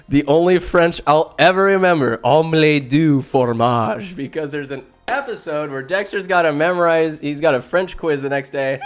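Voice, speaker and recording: A man hosting a podcast in rambling, casual commentary. He is excitable, laughs often and swears freely. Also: fairly high pitch. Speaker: podcast host.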